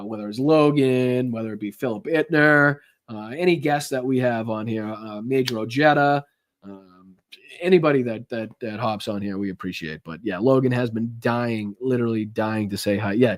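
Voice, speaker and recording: Guy hosting his podcast live from home, loose and chatty, mid-pitched voice, swears a lot. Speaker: political podcast host. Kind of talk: casual live-stream chat.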